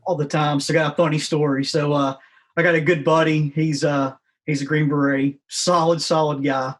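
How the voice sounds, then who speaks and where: A man talking as a podcast guest in a relaxed, laid-back way, full of casual fillers. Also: a little high, moderate pace. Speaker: guest, founder of a veterans' nonprofit.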